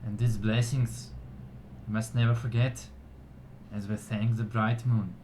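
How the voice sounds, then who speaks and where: A man voicing a village elder who gives a measured ceremonial blessing at a gathering. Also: on the low side, flat delivery, a little mellow, slight background noise, lightly acted. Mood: solemn. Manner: slow, measured ceremonial speech.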